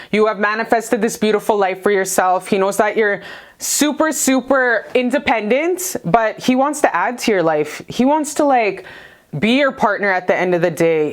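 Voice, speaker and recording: A woman doing a casual tarot reading for her viewers, chatty and blunt, swearing freely and calling them "you guys". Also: mid-range voice. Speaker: tarot reader.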